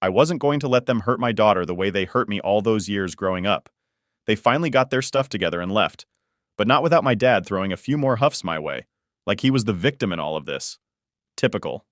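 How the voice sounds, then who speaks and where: A man's voice: on the low side, animated, brisk, dry recording, clean studio sound. A man narrating a first-person family story in a casual, blunt way that swears freely.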